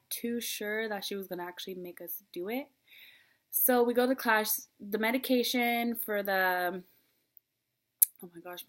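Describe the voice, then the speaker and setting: A young woman confides in a casual personal vlog, earnest and chatty, her sentences full of ums and likes. Her voice sits at an ordinary middle pitch, and at times she is close to tears. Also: a bit bright. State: tearful, crying at times. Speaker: vlogger.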